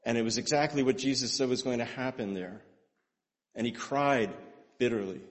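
A man preaching a sermon in an animated way, with rhetorical questions and repeated words. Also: medium pitch, moderate pace. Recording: long hall reverb.

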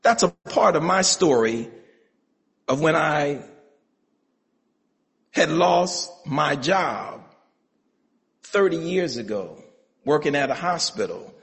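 High, gravelly preacher man in a reverberant hall. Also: lively intonation, takes it slowly, pauses often. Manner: builds to shouted, rhythmic preaching with call and response. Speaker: pastor. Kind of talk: sermon.

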